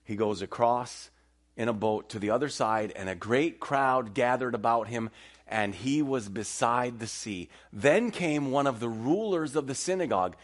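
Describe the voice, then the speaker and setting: Middle-aged male pastor, animated storytelling sermon, casual banter with the congregation. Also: mid-range voice.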